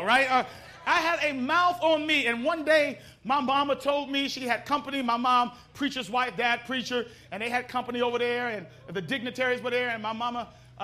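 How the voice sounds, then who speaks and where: High, bright-voiced fervent male preacher. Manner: fervent preaching with call-and-response to the congregation. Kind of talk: sermon.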